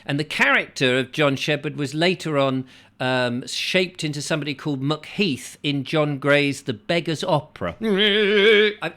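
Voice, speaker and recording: A man's voice: fairly high pitch, fairly bright tone. An English man hosting his own video, telling a history story in a rambling, digressive way, full of fillers and chatty asides to his viewers. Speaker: host. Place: home studio.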